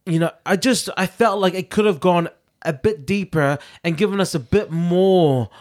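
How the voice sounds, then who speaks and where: A man's voice: high-pitched, normal speed. A man co-hosting a podcast in casual chat, playful and camp, often breaking into laughs. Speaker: podcast co-host.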